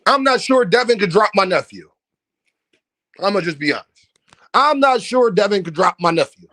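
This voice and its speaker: A man's voice: high-pitched, expressive, moderate pace, bright, forceful tone, no room sound. A man hosting a boxing livestream, ranting at his viewers in a brash, profane, mocking way. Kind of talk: heated livestream rant at viewers.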